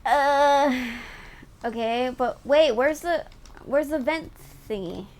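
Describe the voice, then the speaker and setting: Excitable woman streamer reading game text. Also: high voice, slow, low-quality recording. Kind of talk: reading a game aloud while playing live.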